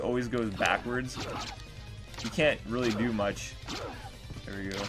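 A young man casually commenting on his gameplay, excitable and swearing often. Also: medium pitch. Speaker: gaming YouTuber.

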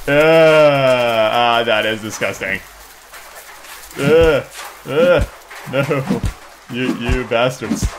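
Male let's player, mid-pitched, jokey and mocking, noisy home recording. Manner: excitable, sarcastic, mocks the game out loud. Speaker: let's play gamer. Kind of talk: horror game commentary.

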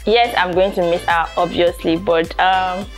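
A woman's voice: fairly low pitch, steady tone, unhurried, faint music behind. A young Nigerian woman talking to camera in a casual vlog, chatty, repeating herself and filling with "you know". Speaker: vlogger and photographer.

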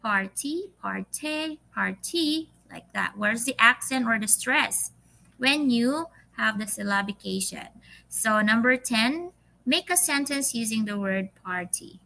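A woman's voice: fairly high pitch, expressive, measured pace, creaky, sharp tone, poor audio. A Filipino woman teacher leading an online English lesson, reading quiz questions patiently and drawing her words out, with Tagalog fillers. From Philippines.

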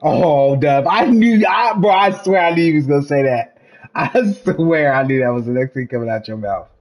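A man's voice: a little high, moderate pace, rough recording. A man hosting a game livestream, joking with his co-host and chat, laughing often and slipping into a mock English accent. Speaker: streamer hosting a game stream. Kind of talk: casual banter with co-host and chat.

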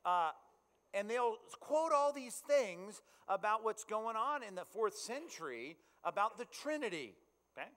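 A male pastor preaching in an easy, conversational style, often asking his listeners if they follow. His voice sits a touch high and carries a long reverb, as in a big hall. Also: sing-song, unhurried, a bit bright. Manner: conversational, checks in with the audience. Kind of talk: sermon.

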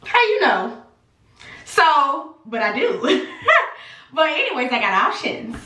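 A young adult woman telling an animated, sassy storytime to her viewers in a casual vlog. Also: high voice, takes it slowly, pauses often. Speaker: vlogger. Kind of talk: casual storytime chat to camera. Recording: echoey room.

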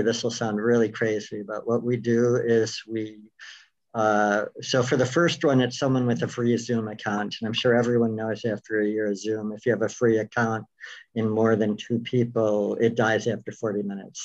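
A man's voice: mid-range voice, darkish tone, muffled recording. A man talking as a guest on a video call interview, rambling with many fillers and restarts.

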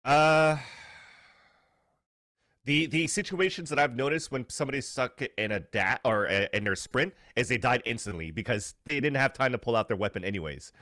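A man's voice: medium pitch, animated, moderate pace, pushed and bright, no echo, clean studio sound. A man explaining gameplay as a guest on a casual gaming show, with frequent restarts. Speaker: guest player analyst.

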